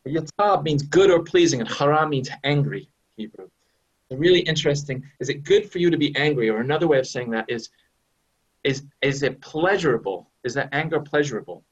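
A minister preaches in a loose, conversational way, tossing in quick asides to his listeners. His voice sits a little high and sounds husky. The recording is dull and lo-fi. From USA. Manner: conversational, animated, frequent "right?" asides. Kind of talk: sermon.

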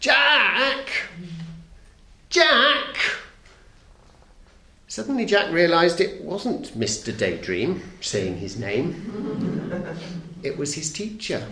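Man reading a storybook, lively and playful. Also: fairly high pitch, slow, a little hiss or hum. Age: middle-aged. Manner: expressive, playful, dropping very soft for suspense. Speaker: speaker reading a children's story. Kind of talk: storybook reading aloud to an audience. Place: talk hall. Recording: echoey hall.

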